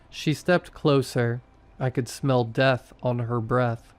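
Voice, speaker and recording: A man's voice: mid-range voice, steady tone, takes it slowly. A man narrating a first-person horror story in short, tense sentences.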